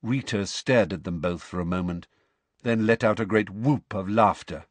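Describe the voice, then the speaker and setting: A man reading a story aloud as narrator, in an expressive, animated way. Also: deep voice, normal speed, no room sound. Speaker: audiobook reader.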